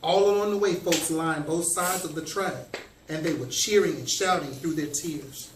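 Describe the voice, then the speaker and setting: A man reads a storybook aloud to his students, animated and playful, and pauses often to quiz them. He is captured from the back of an echoey classroom, with clear background noise. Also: a little high, far from the mic. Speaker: teacher.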